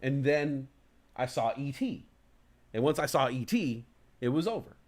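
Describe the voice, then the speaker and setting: A man hosting a casual livestream talk show, telling animated stories, acting out inner voices and swearing casually. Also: medium pitch, measured pace.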